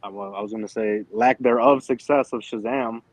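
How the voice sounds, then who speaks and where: A man's voice: fairly low pitch, steady tone, fairly quick, dry recording, rough recording. A man hosting a casual livestream chat, rambling and swearing with lots of fillers, talking over an online call. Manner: rambling, profane, with frequent fillers. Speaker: show host.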